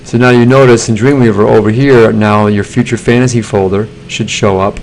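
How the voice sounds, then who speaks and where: A man, a teacher talking students through a software assignment in a relaxed screencast with plenty of fillers. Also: fairly low pitch, fairly quick, slight background noise. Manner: relaxed, plain instructions with fillers.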